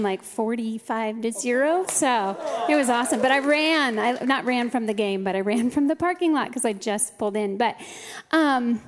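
A woman, the pastor's wife, gives a heartfelt, halting thank-you to the congregation, often repeating her words. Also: on the high side, darkish tone. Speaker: pastor's wife addressing the church. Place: large church venue with a live audience. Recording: long reverb of a large hall.

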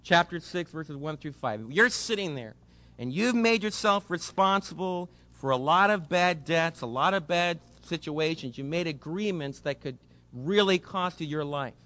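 A man's voice: a little high, measured pace. A man preaching a sermon, explaining scripture and acting out the voices of people in his congregation. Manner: animated, acts out quoted voices, speeds up when excited. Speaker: pastor.

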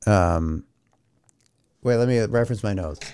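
A man's voice: fairly low pitch, unhurried, a little mellow, clean tone. A young man hosting a podcast in casual chat, rambling, swearing casually and laughing at himself. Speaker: podcast host.

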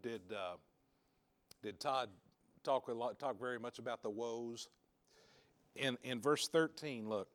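Slow-talking man teaching a Bible class. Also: mid-range voice. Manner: conversational, with homely asides and jokes.

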